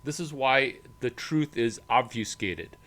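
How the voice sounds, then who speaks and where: A man giving an animated talk about startups, emphatic and punchy, jumping up in pitch to stress points. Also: slow. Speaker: startup advisor. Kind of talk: animated monologue to camera.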